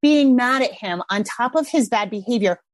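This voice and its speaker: A middle-aged woman chatting casually, an animated storyteller who swears now and then. Her pitch leaps and swings as she talks, sitting a little high. The sound is dry and close. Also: moderate pace, no room sound. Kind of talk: casual chat.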